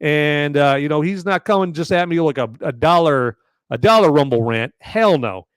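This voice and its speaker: Rambling, animated man hosting a livestream. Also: fairly high pitch, normal speed, clean tone, no room sound, clean studio sound. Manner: rambling and emphatic, repeats words, says "okay?" often; thanks viewers by name for donations. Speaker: podcast host reviewing a movie on a livestream. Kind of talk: casual live-stream talk.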